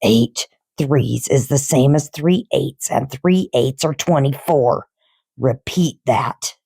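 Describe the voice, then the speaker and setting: A towering, furious headmistress snarls insults at a child, as a woman reads her aloud. Her voice is low and dark, dragged out slowly for emphasis. The sound is dry and close. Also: creaky, husky, no echo, heavily acted. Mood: bullying. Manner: barking insults, slow and emphatic.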